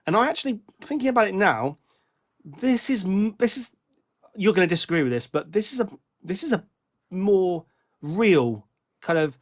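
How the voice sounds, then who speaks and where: Rambling man, slightly high voice. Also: very animated, normal speed, pauses often. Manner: rambling, many restarts and self-corrections. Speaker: podcast co-host. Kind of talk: casual music-review chat.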